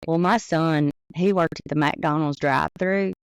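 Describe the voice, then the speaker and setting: Southern woman teacher co-host, smooth with some fry, relaxed chatty. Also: sits low, unhurried, no room sound. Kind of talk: casual chat.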